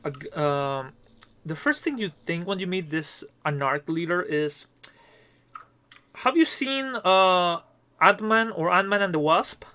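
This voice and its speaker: A man's voice: sits high, lively intonation, measured pace, bright, forceful tone. Chatty man narrating a horror game. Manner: conversational, with fillers and asides. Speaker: game master. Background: faint music.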